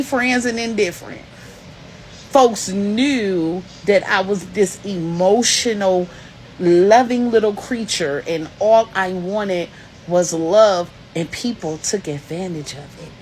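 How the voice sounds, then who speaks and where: A woman's voice: medium pitch, slow pace, slight background noise, rough recording. A woman hosting a podcast, giving an emphatic personal motivational talk, repeating key lines for emphasis and addressing the listener directly. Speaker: podcast host.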